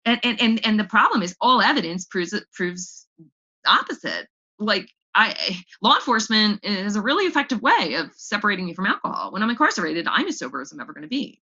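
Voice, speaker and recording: A young adult woman shares her personal recovery testimony at a recovery meeting, candid and raw, repeating words when emotion takes over. Her medium-pitched voice is sing-song, bright and forceful, and a little fast. The recording is dull and lo-fi.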